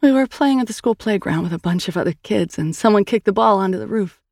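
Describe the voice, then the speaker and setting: A woman's voice: mid-range voice, animated, fast talker, darkish tone, no echo, clean studio sound, pitched above the performer's own voice. A woman narrator voicing an earnest young woman who urgently reassures her brother.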